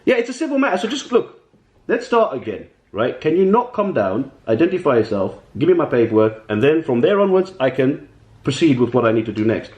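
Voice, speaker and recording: A man's voice: medium pitch, sing-song, a little fast, a little mellow, echoey room. A man arguing on a recorded phone call, repeating taunts and insults. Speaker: caller arguing with a bailiff. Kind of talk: heated phone argument.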